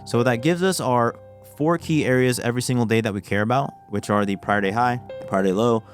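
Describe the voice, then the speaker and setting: A man's voice: medium pitch, a little fast, faint music behind. A man giving a casual screen-share trading lesson, walking through a chart and often saying "okay" as he restarts phrases. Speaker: trading educator.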